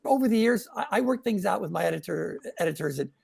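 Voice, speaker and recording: Gravelly, husky older man, hesitant. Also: high voice, lively intonation, quick pace, darkish tone. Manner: hesitant, many uh fillers and restarts, wry. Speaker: guest cartoonist. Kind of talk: casual panel chat.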